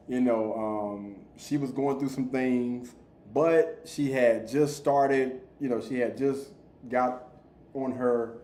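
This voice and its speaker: A man's voice: mid-range voice, dark tone, slight background noise. Laid-back slangy man, echoey room. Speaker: podcast host reacting to videos. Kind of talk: casual reaction commentary. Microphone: streaming mic.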